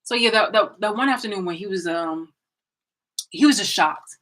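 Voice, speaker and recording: A woman's voice: mid-range voice, moderate pace, fairly bright tone, low-quality recording. A woman telling a personal story in a casual, rambling way from a room in her home, blunt and full of fillers and restarts. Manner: blunt, profane and emphatic. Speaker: vlogger.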